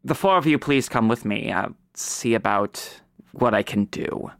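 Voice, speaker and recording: A weary, sighing male being with extra hag arms, as a man voices him, who pauses and hesitates as he speaks. The voice is clear and smooth. It sounds dry and close. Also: medium pitch, a bit bright, no echo.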